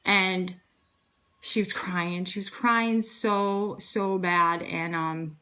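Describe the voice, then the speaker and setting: A woman in her thirties with a bright, forceful voice tells a personal faith story in a casual, earnest way. She acts out each exchange, lifting her voice for the other people and trailing into fillers as she goes. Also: fairly low pitch, drawn-out words. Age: 30s. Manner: earnest, animated retelling with quoted dialogue and frequent fillers. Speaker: vlogger sharing a faith testimony.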